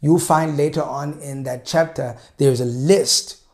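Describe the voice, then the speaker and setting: Gravelly-voiced man preaching a sermon. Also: on the high side, steady tone, darkish tone. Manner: measured preaching, slows for emphasis. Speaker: pastor.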